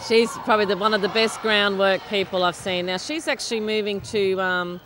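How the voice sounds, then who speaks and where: A chatty Australian woman calls a netball game live, rambling through her thoughts with plenty of ums and easy giggles. Her voice sits mid-range, and the commentary mic picks up clear background noise from the indoor arena. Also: mid-range voice, fairly quick. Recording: noisy sports hall commentary.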